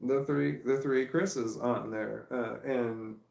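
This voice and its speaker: A man's voice: mid-range voice, steady tone, slow pace, vocal fry, a little mellow. A middle-aged man telling a rambling story in a casual vlog, often breaking into laughter mid-sentence. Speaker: vlogger. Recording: echoey room.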